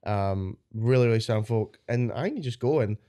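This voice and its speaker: Guesting on a laid-back podcast, a Scottish powerlifter in his young adult years rambles through stories, cursing without restraint. His voice is mellow and on the low side, delivered at normal speed.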